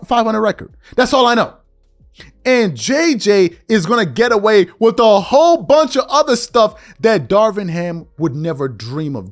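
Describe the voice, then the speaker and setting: Man on a podcast, confrontational rant, swooping animated pitch, faint music behind. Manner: animated and confrontational, calling out listeners with rhetorical questions; mocks others by mimicking their speech. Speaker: podcast host. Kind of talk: heated commentary monologue.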